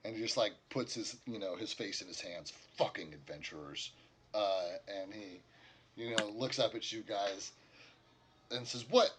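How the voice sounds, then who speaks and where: Rambling, bright-voiced male game master. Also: lowish voice, fairly even intonation, normal speed, a little hiss or hum. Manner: rambling with many fillers. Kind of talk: narrating a tabletop game.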